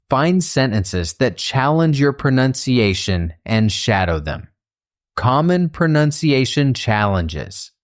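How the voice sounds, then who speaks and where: Slow, measured male narrator. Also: mid-range voice. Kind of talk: scripted instructional narration.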